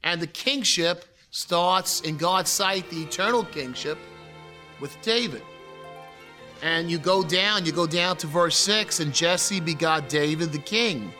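Bright-voiced preacher man. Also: on the high side, measured pace, soft background music. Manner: expository Bible teaching, reads scripture aloud then explains. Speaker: pastor. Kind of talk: sermon.

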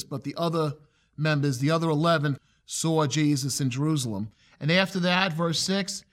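A man delivers an expository Bible lesson with a slightly high voice. He speaks earnestly and with emphasis, changing his pace to stress certain points. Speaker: preacher.

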